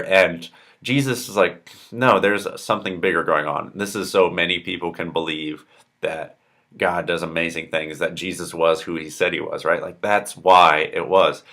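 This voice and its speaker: A man's voice: sits low, fairly even intonation, normal speed, bright, forceful tone. A young adult man retelling a Bible story to young listeners in a casual, chatty way, full of "like" and "right?" and acted-out quotes.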